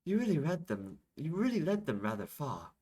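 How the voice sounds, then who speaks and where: A calm woman journalist makes dry, wry remarks in a slightly raised voice, as a man reads her part. She sounds measured and unhurried. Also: medium pitch.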